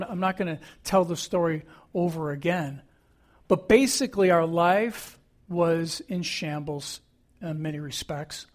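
A middle-aged man preaching a sermon as pastor, earnest and emphatic, repeating key phrases. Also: sits high.

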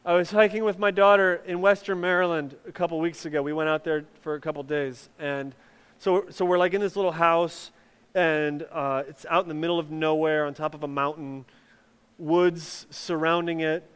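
A man's voice: a little high, fairly even intonation, normal speed, a bit bright, clear, resonant tone, in a large hall. A man preaching a sermon, telling a personal story in a conversational way with many fillers and restarts. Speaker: pastor.

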